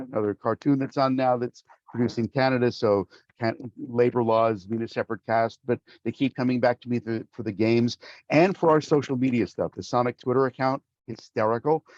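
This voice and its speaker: A man's voice: mid-range voice, steady tone, a little fast, darkish tone, no echo. Middle-aged male voice actor, theatrical storyteller; dry, dull remote sound. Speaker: voice actor, guest. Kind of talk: casual interview talk.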